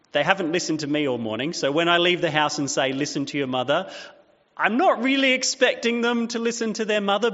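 A man in his thirties preaching a sermon in a loose, story-driven way, dropping fillers as he goes. His voice sits a little high. It carries a long echo off a hall and has a muffled, dull tone. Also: fairly bright tone. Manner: chatty, self-deprecating storytelling with fillers. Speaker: pastor.

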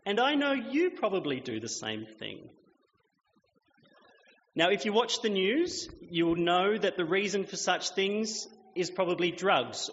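In a church, a pastor in his thirties with a fairly high-pitched voice tells a lively story during his sermon, acting out children's voices. The recording sounds dull and lo-fi, with the echo of a large hall.

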